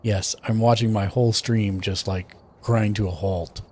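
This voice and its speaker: A man's voice: fairly low pitch, fairly even intonation, unhurried, a little mellow. A man hosting a casual gaming stream, chatting and greeting viewers by name. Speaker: streamer host.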